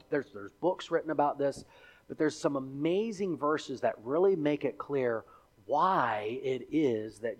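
In a sermon, a man in the pulpit uses his mid-range voice to act out the people and the crowd in the story he's telling, delivering it all with animation.

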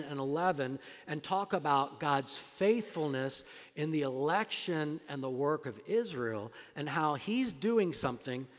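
A man preaching a sermon as pastor, swinging between loud emphatic declarations and quiet, conversational asides with fillers and restarts. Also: on the high side, big-room sound.

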